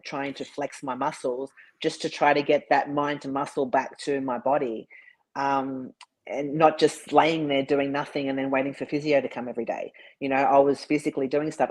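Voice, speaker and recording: A woman's voice: very deep voice, rough recording. A woman bodybuilder, a guest in an interview, telling her story earnestly and restarting her sentences often. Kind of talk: casual interview chat.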